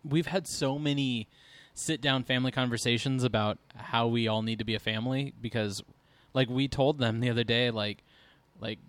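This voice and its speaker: A middle-aged man co-hosts a casual podcast, talking candidly and rambling, with plenty of "like" and "I mean" along the way. His voice sits at a middle pitch. The recording is dry and close. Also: fairly even intonation, moderate pace, no echo. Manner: candid, rambling, many fillers. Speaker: podcast co-host.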